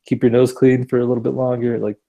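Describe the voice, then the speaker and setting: A man's voice: medium pitch, flat delivery, fast, vocal fry, dark tone, highs cut off. A man co-hosting a podcast, talking in a laid-back, thoughtful way with fillers and easy laughs. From Wisconsin. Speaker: podcast co-host. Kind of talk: casual chat.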